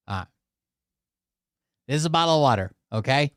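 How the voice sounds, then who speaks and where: A man's voice: mid-range voice, lively intonation, normal speed, long pauses, smooth, dry recording, studio quality. A male channel host ranting casually to his viewers, exasperated and swearing often as he talks straight to them. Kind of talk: casual profane rant to viewers.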